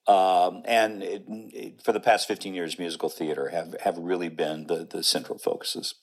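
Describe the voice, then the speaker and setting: A man's voice: sits low, level tone, moderate pace. A middle-aged man, a music professor and choral conductor, talking as an interview guest, earnest and explanatory with plenty of fillers and restarts.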